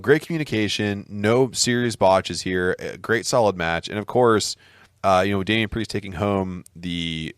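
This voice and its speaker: A man's voice: on the low side, a bit bright, no echo, studio quality. A man co-hosting a podcast, casually recapping a wrestling match with fillers and laughs. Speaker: podcast co-host.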